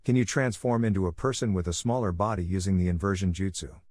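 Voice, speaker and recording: A man's voice: low voice, fairly even intonation, fast, a little mellow, no echo, clean studio sound. A man reading a bold young nobleman scheming. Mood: determined. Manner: confident, declaring plans.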